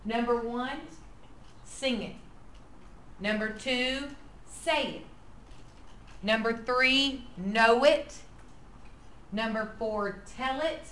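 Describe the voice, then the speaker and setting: Bright, energetic woman teaching. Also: fairly high pitch, very slow, long pauses. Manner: energetic, playful, acts out quotes, drops to a whisper. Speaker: trainer of church preschool teachers. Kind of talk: lively workshop talk. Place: large hall with an audience. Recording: echoey room with faint noise.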